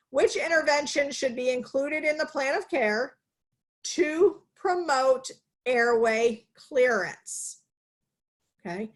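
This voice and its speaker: Energetic woman teaching nursing on a video call. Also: high-pitched. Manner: energetic, teacherly, asks questions and answers them herself. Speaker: nursing instructor. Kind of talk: live online lecture.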